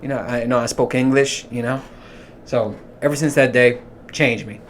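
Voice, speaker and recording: A man's voice: mid-range voice, moderate pace, slight background noise. Profane, laughing storyteller man. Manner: profane, animated, laughs through his stories. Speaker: podcast host. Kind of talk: casual storytelling monologue.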